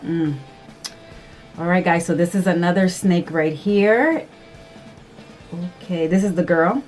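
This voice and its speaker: A woman vlogger chatting casually through a makeup tutorial, nervous and excitable, gasping and squealing often. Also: fairly low pitch, unhurried, faint music behind. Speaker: beauty vlogger.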